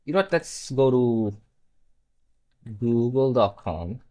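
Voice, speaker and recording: A man's voice: medium pitch, animated, slow, dark tone. A young man who is not a native English speaker, chatting casually on a live stream while coding, rambling and swearing when frustrated. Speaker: livestreamer.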